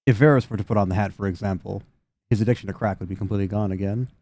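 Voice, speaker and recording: A man's voice: fairly low pitch, steady tone, rapid-fire, dark tone, no room sound. A man narrating a tabletop game as game master, playful and laughing as he talks.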